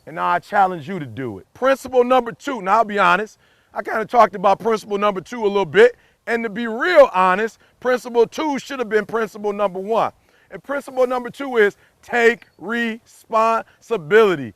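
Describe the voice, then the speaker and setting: A man delivering a motivational speech with a high, gravelly voice that pushes hard on every point. He preaches emphatically and hammers his key phrases again and again. The sound is close and dry, with no room around it. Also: animated, brisk, a bit bright, no room sound. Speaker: motivational speaker.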